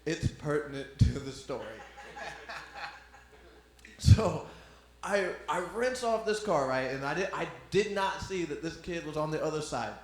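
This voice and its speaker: A man performs a stand-up set with a high, lively voice that swoops around as he acts out the people in his stories. He is heard in an echoey room. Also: a little slow, long pauses, a little hiss or hum. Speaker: stand-up comedian. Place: club room with audience.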